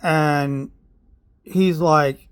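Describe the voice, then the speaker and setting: A middle-aged man, a parent, telling his complaint in a personal video with earnest, halting speech full of fillers and a growing sense of grievance. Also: on the high side, fairly even intonation, smooth. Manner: aggrieved, heats up when recounting.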